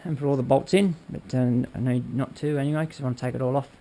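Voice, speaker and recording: A man's voice: medium pitch, steady tone, fast, dark tone. Chatty man explaining his bike build. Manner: rambling, hands-on, addresses viewers with "all right?". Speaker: motorbike build vlogger. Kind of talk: casual workshop how-to talk.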